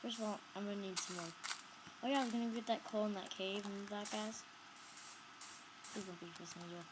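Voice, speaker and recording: A woman talks viewers through her game in a casual, chatty way, easily startled and quick to shriek. Her pitch sits in an ordinary middle range for a woman. Steady background noise runs under the homemade recording. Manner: jumpy, shrieks when startled. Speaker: gamer narrating her play. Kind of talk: casual gameplay commentary.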